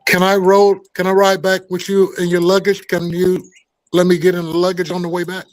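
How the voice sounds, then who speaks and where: An older man with a somewhat high voice holds forth on a casual morning show. He rants in a loud, profane, joking way. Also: completely flat delivery, a little fast, low-quality recording. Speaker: co-host.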